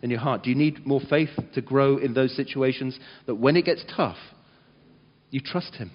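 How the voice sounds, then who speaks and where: Male preacher, animated storyteller, muffled recording with long hall reverb. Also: mid-range voice, normal speed. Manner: animated storyteller, dramatizes quotes loudly. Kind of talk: sermon.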